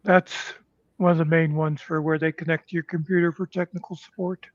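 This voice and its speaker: A man's voice: on the high side, flat delivery, a little fast, no echo. Rambling man telling stories, dull dry sound. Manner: rambling storyteller, many "uh"s. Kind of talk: casual chat.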